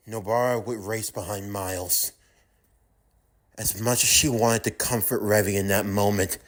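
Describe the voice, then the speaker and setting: A man narrating a fan-made audio drama with steady storytelling. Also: on the low side.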